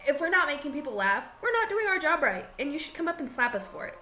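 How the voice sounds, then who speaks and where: A woman's voice: high voice, big pitch swings, fast talker, pushed and bright, soft background music, low-quality recording. A woman chatting in a bubbly, giggly way, telling funny stories. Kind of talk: casual comedic chat.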